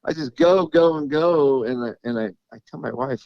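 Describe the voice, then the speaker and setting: Gravelly middle-aged man, halting storyteller. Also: mid-range voice, no room sound. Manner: halting, repeats words, laughs while telling stories. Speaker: racehorse trainer. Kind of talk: casual interview storytelling. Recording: dull lo-fi audio.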